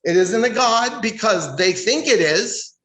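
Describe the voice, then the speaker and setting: An American man teaches a Bible study like a sermon, emphatic and fond of rhetorical questions. His voice sits high for a man. It echoes around a roomy church hall. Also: animated, unhurried, fairly bright tone. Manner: emphatic, reads scripture aloud and asks rhetorical questions. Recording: echoey room.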